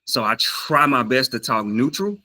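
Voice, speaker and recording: A man's voice: mid-range voice, moderate pace, poor audio. A man with a Southern US accent, vlogging casually about learning a language, telling a story with lots of fillers and acting out voices. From Southern United States. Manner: animated, acts out quoted voices, many fillers and restarts.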